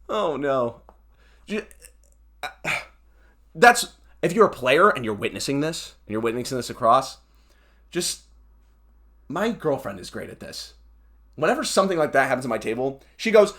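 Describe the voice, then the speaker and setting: A young male podcast host rants alone to the mic, heated and exasperated. His pitch leaps around wildly from low grumbles to high squeaks. Sarcastic asides keep cutting into the tirade. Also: sing-song, normal speed, pauses often, a bit bright. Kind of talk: ranting solo podcast.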